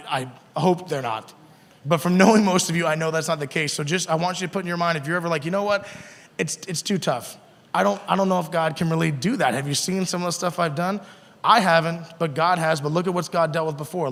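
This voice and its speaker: A man's voice: on the high side, a bit bright. A man preaching a casual sermon to a youth group, talking conversationally and asking the kids questions. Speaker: youth pastor. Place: youth room. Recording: long hall reverb.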